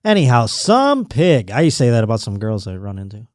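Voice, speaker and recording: Animated, foul-mouthed podcast host man. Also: fairly low pitch, racing, no room sound, studio quality. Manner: profane, joking, rambling. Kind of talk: casual podcast chat.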